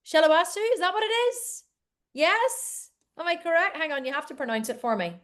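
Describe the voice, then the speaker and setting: Brief: woman host, forties, casual live-call chat, warm encouragement, rambles. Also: sits high, big pitch swings, fairly quick.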